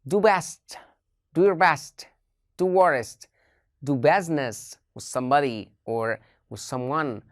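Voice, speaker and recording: A woman's voice: sits low, slow, dry recording, clean studio sound. A woman teacher gives an online English lesson, asking her students many questions and repeating key phrases.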